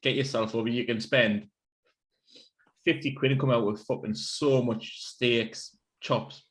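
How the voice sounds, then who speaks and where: A man's voice: medium pitch, fairly even intonation, a little slow. A man, co-hosting a podcast and telling sweary anecdotes in casual chat. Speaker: podcast co-host.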